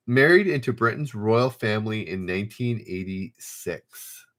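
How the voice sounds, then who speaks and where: A man's voice: fairly low pitch, fairly bright tone. A man hosting a live online trivia game, reading questions aloud and chatting casually while players answer. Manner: reads questions aloud, then chats loosely while waiting for answers. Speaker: trivia host.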